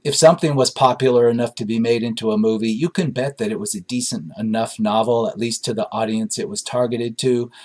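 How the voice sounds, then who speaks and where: A man giving a casual spoken movie review, blunt and critical, rambling and searching for words with lots of fillers. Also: mid-range voice. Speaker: film reviewer.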